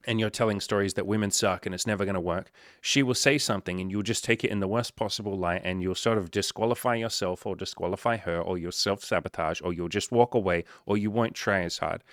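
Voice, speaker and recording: A man's voice: fairly low pitch, no echo, studio quality. A man, talking casually as a dating coach, blunt and swearing often as he acts out little dialogues. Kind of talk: casual motivational talk.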